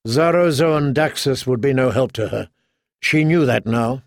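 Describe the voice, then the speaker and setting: A man reading a fantasy novel aloud in steady, measured scripted narration. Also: medium pitch, no room sound, studio quality. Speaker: audiobook narrator.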